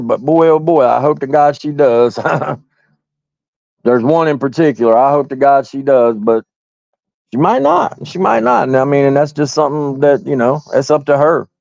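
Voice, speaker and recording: A man's voice: fairly high pitch, darkish tone, no room sound. A man ranting in a heated way, swearing constantly and rambling as he talks straight to his viewers. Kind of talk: heated profane rant. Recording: dull lo-fi audio.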